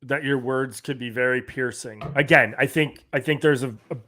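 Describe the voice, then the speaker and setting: A man's voice: medium pitch, normal speed, pushed and bright, slight background noise. A man co-hosting a leadership podcast who mostly agrees briefly but pushes back firmly in debate. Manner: short agreeing backchannels, firm when disagreeing. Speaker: podcast co-host. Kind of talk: unscripted debate chat.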